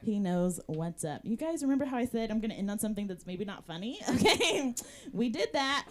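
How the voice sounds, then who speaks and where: A woman hosting an open mic, chatty and quick to laugh. Her voice is pitched a little high and swings widely up and down. She keeps things loose between acts. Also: big pitch swings, a little hiss or hum. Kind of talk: stand-up and hosting.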